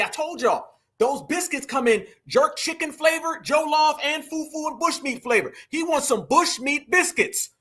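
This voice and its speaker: A man's voice: very high voice, bright, forceful tone. A man hosting a commentary video who talks in slang, with emphasis, and keeps addressing his viewers as family. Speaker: commentary host. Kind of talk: commentary over video clips.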